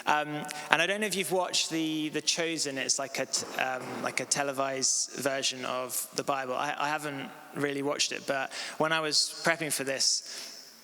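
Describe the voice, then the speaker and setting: A man's voice: medium pitch, flat delivery, moderate pace, sharp tone, slight background noise. A man in his thirties giving a sermon in a church hall, talking casually with many "like" and "um" fillers. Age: 30s. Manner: casual, filler-heavy with frequent "like" and "um". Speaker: preacher. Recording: long reverb of a church hall.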